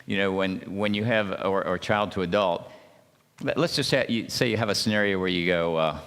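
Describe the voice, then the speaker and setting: A man speaking at a church marriage seminar, talking haltingly with many restarts and checking in with his listeners by asking "okay?". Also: low voice, a bit bright, smooth. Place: church hall. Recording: long hall reverb.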